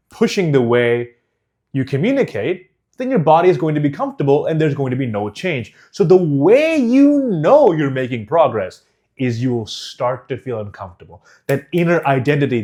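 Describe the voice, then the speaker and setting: A man teaching a speaking course, speaking deliberately and clearly enunciating each syllable with emphasis. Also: medium pitch, very animated, mellow. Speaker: speaking coach. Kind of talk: instructional course.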